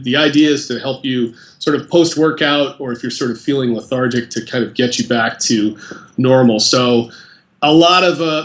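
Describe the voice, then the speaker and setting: A man being interviewed on a podcast, speaking in a relaxed, conversational way with fillers. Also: on the high side, reverberant. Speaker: interview guest, company president. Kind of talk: casual interview chat.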